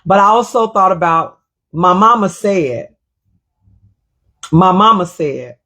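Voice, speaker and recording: Emotional, husky-voiced woman talk host. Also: fairly low pitch, expressive, slow pace, a bit bright. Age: middle-aged. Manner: reflective, emotional, repeats phrases. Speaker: show host. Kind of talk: personal storytelling monologue.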